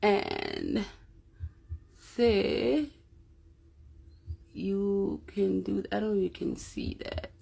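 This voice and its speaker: A woman's voice: medium pitch, huge pitch swings, very slow, gravelly, pauses often, warm tone, husky. A woman giving a casual, unscripted demonstration to her viewers, often stopping to check in with them. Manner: chatty and unscripted, with fillers. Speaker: presenter demonstrating a craft.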